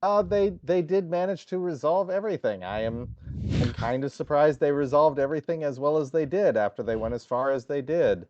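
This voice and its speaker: A man's voice: a little high, a little fast, a little mellow, no room sound. Male podcast co-host, easygoing and casual, dry and a bit lo-fi. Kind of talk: casual chat.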